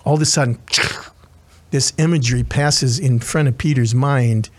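A man's voice: medium pitch, unhurried. A man preaching as a chaplain, retelling a scripture story earnestly with frequent restarts and asides. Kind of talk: sermon.

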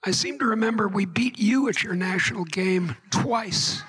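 A man voicing an older woman politician with a quiet, deadpan retort in a husky voice. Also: sits high, moderate pace, slight background noise. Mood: dry.

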